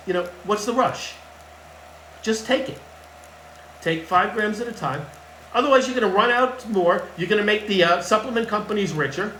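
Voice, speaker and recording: Man, fitness coach, blunt and emphatic, slightly high voice, echoey room, faint background hum. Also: pushed and bright. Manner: blunt, emphatic, repeats key points. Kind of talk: casual advice talk to camera.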